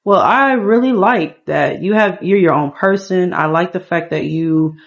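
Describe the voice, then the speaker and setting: A woman's voice: on the low side, unhurried. A woman voicing an earnest, easygoing young man on a date in a laid-back, reassuring way. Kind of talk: playful character voicing over gameplay.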